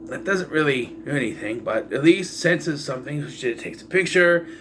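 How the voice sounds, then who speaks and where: Guy rambling thru a movie review, kinda high bright voice, dry and fed up w/ plot holes, bit of room hum. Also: lively intonation, moderate pace. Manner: rambling, loose retelling with frequent asides and fillers. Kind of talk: casual spoken film review.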